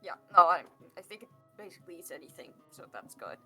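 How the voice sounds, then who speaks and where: Young woman, tabletop player, bright forceful voice, rambling, fillers, soft music. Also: on the low side, sing-song, quick pace. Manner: rambling, hesitant, many fillers. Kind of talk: tabletop role-play chat.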